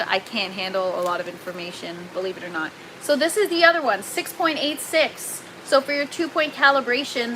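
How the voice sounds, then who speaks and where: Bright-voiced chatty woman streamer. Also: fairly high pitch, a little hiss or hum, rough recording. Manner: chatty, laughs often, reads viewer comments aloud. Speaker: livestream host. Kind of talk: casual livestream chat. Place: indoor grow tent.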